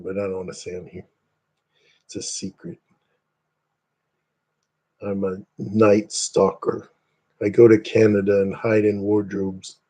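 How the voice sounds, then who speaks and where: A man's voice: lowish voice, mellow. A man hosting a casual livestream, chatting with viewers in a rambling, self-deprecating, joking way. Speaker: livestream host. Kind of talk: casual chat with live viewers.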